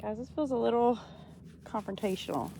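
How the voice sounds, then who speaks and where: A farmer coos affectionate baby talk to her cows outdoors, recorded on a handheld phone with slight background noise. Her voice is on the high side, gravelly and warm, and she talks a little fast in this casual chat with the animals.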